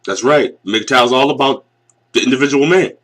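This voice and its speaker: A man's voice: medium pitch, moderate pace, a bit bright. A man in his forties with a Northeastern US accent, ranting bluntly and mockingly as a YouTube commentator reacting to a clip. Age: 40s. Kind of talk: reaction rant.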